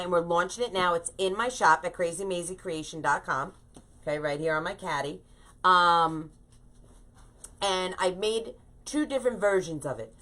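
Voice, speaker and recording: A woman's voice: lowish voice, a bit bright. A middle-aged woman hosting a chatty craft livestream, greeting viewers by name in a bubbly, upbeat way. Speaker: wreath-making livestream host. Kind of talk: casual livestream chat with viewers.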